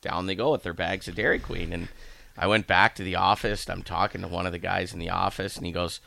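A man's voice: deep voice, steady tone, fairly quick, vocal fry, sharp tone, dry recording. A man from Ohio, a coach, telling long, rambling anecdotes in a casual interview and acting out the voices of the people in them. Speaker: hockey coach.

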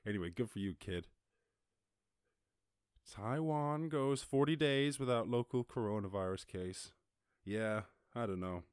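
A man with an Irish accent hosting a casual solo podcast, reacting to news in a jokey, excitable way and swearing freely. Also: fairly low pitch, a little slow, pauses often, clear, resonant tone, dry recording, studio quality. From Ireland. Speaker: podcast host.

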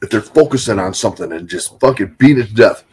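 A man in casual chat, telling profane, animated stories with lots of swearing. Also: fairly low pitch, fast talker, breathy edge.

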